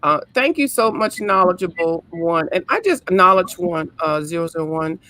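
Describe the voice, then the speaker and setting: A woman's voice: fairly low pitch, animated, moderate pace, pushed and bright. A woman from the Washington DC area calling in to a live stream, blunt, profane and scolding. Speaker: caller. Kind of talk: casual call-in chat.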